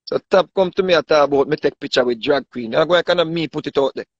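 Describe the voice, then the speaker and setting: A man's voice: fairly high pitch, fast, no echo. A man with a Jamaican accent ranting casually, boastful and repetitive, often asking if you understand him. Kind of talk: casual rant to camera. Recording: dull dry lo-fi sound.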